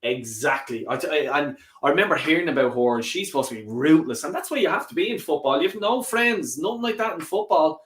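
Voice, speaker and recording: A man hosting a football fan live stream, reading viewer comments in a lively, sweary way. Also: on the high side, brisk, hardly any pauses, reverberant. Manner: animated and sweary, rants and laughs often. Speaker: football fan channel host.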